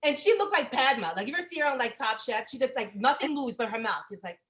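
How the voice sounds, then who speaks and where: A high-voiced young woman telling a stand-up story over a video call. She is brash and profane and jumps into the voices of the people in her tale. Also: animated, fast talker, fairly bright tone. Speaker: stand-up comedian.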